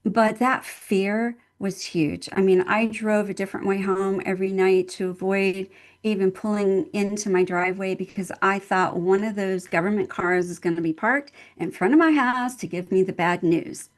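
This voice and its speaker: A woman's voice: medium pitch, steady tone, normal speed. An older woman, a nurse and guest speaker, telling a personal story in an interview in an earnest, heartfelt way, leaning on repeated phrases for emphasis. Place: at home in Texas.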